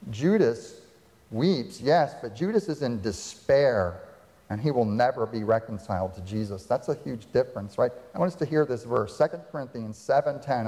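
A male pastor delivers a sermon in a church sanctuary, his voice sitting at an ordinary middle pitch. He retells scripture with dramatic flair and keeps putting rhetorical questions to the congregation. His words ring out with a long reverb that fills the hall. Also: warm tone.

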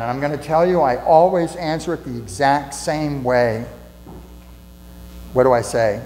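A pastor giving a conversational sermon in a church, asking rhetorical questions and repeating lines for emphasis. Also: male voice, mid-range voice, a little slow, long pauses, darkish tone. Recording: echoey hall with mains hum.

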